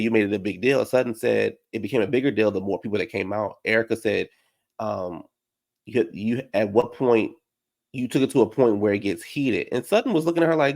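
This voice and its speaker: Sassy gravelly-voiced man recapping gossip. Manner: dramatic, sassy, slangy, acts out quotes in high mocking voices. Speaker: reality TV recap commentator. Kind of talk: casual recap chat.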